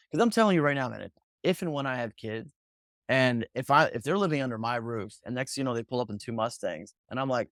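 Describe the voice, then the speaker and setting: A man's voice: medium pitch, no echo, clean studio sound. A young adult man in a casual podcast chat, telling a story animatedly with lots of swearing and restarts. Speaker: podcast guest.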